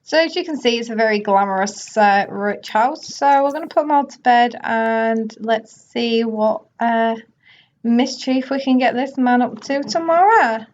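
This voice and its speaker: Woman, higher voice, casual game commentary, lo-fi mic. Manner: chatty, voices characters in quick asides. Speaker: gaming video host. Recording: slightly dull lo-fi audio.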